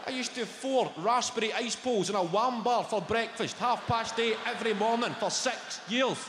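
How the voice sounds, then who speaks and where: A man's voice: very high-pitched, normal speed, noisy background. A man in his thirties with a Scottish accent doing a stand-up routine, brash and sweary, telling his stories with lots of energy. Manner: brash, sweary, animated storytelling. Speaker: stand-up comedian. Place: large theatre stage. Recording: echoey live hall with audience.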